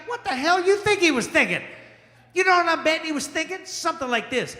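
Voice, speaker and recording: A man doing stand-up comedy for a small live crowd, his high, bright voice swinging widely in pitch. He banters and asks the audience questions as he goes. The sound carries a roomy echo with a long reverb tail from the lounge. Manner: animated, crowd-work banter with quick asides. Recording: echoey room with long reverb.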